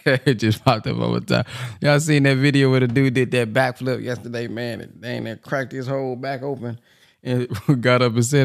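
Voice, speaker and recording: A man's voice: mid-range voice, unhurried, creaky. A man hosting a call-in, talking loosely and colloquially, laughing easily between remarks. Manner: lively, laughing, Southern-style colloquial. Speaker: host.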